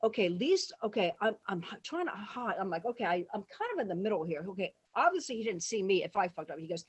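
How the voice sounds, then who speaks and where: A woman casually telling a story, acting out the people she quotes, shouting their lines, laughing and swearing freely. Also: medium pitch, fast talker, few pauses, husky. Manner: animated, acts out quotes with big shouts. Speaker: guest telling stories.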